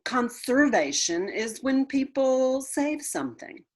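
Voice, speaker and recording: A woman voicing a patient adult female teacher who calmly corrects a child in a children's book read-aloud. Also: high voice, slow pace, pitched above the performer's own voice, heavily acted. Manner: calm, correcting gently.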